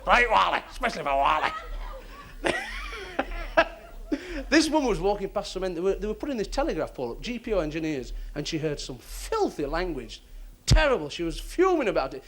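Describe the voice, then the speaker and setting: High bright comic. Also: male voice. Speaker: stand-up comedian. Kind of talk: stage joke telling.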